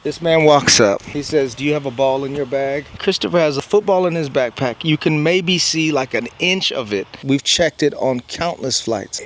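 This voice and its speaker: A man earnestly telling a personal travel story to camera, emphatic and acting out the dialogue. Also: medium pitch. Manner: earnest, emphatic retelling with lots of quoted dialogue.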